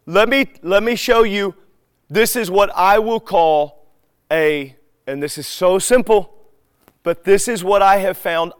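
A man teaching a live group in a relaxed, conversational way. He acts out bits of everyday dialogue as he tells his stories. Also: high-pitched, clean tone, no room sound, studio quality. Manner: animated storyteller who acts out dialogue.

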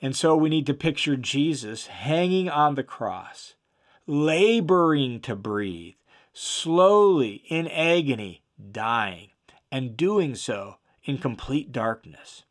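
A man's voice: mid-range voice, sing-song, slow. A man teaching through a Bible passage, reading each verse aloud and then explaining it with emphatic repetition and some "uh" fillers. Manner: emphatic, repeats key phrases for stress.

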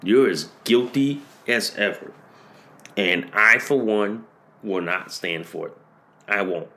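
A man hosting a podcast, ranting and hammering the same phrases over and over, rising to shouted peaks. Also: lowish voice, slow. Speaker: podcast host. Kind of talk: political rant.

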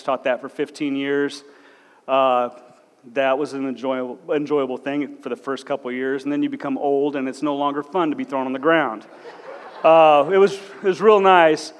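Joking cop speaking in an echoey church. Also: male voice, medium pitch. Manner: self-deprecating, joking, admits nerves; blunt, no-nonsense. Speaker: guest speaker, police officer. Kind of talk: humorous church talk with personal stories. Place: large church hall. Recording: echoey church hall with long reverb.

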